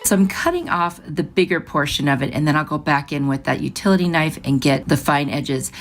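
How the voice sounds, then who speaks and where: Woman, low voice, gravelly, casual craft tutorial, chatty step-by-step, faint music behind. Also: fairly quick. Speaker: craft channel host.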